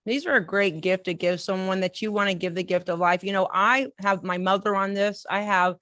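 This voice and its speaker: A woman's voice: medium pitch, steady tone, a little fast, fairly bright tone, no room sound. A woman hosting a live podcast chat as a coach, talking in enthusiastic, effusive bursts. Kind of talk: casual live-stream chat.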